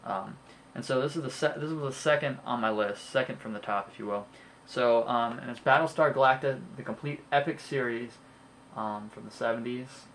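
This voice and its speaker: A man's voice: mid-range voice, fairly quick, fairly bright tone, slight background noise. A young man talking casually about his purchases in a haul video, rambling and chatty, full of ums and uhs, and stumbling over names as he goes. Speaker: home video collector showing his purchases.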